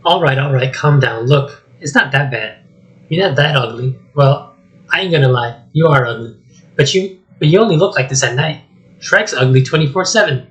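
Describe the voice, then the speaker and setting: A man voicing a loud, jittery talking male donkey while reading a script aloud, with high excitable chatter. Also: normal speed, close to an everyday voice, low-quality recording. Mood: chatty. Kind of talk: solo script reading with voices.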